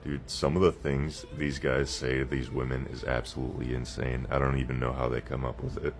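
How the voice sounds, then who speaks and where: A man's voice: very deep voice, level tone, fairly quick. A man giving casual social media commentary, incredulous at what he has seen. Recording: music underneath.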